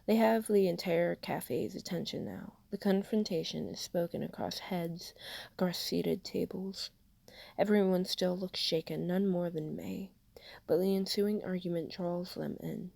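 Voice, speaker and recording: A woman reading fan fiction aloud as an audiobook, softly, often dropping into a half whisper. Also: fairly low pitch, little pitch movement, unhurried, vocal fry, no room sound. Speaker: podfic reader. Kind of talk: fanfiction audiobook narration.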